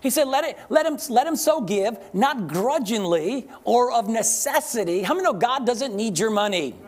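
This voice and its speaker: A man's voice: very high voice, lively intonation. Man preaching a call-and-response sermon. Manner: preaching, rhetorical questions to the congregation; emphatic, slows down to read scripture aloud. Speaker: pastor. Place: church service with congregation.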